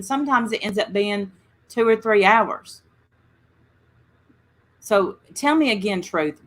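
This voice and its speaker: A chatty woman hosting a casual livestream. Her voice is bright and forward. She tells rambling stories and talks straight to the people in her chat. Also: mid-range voice. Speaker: livestream host.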